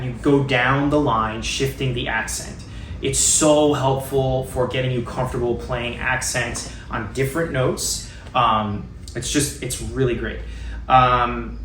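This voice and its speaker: A man giving a casual spoken drum lesson, talking in a relaxed, rambling way with many ums and restarts. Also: mid-range voice, distant mic, slight background noise. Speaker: drum teacher. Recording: roomy echo, away from the mic, faint ambience.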